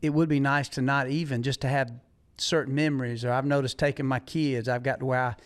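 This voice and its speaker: A middle-aged man, hosting a podcast and telling stories in an animated, folksy way. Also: mid-range voice, fairly quick, smooth. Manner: animated storyteller, folksy, laughs often. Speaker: podcast host. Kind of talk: casual chat.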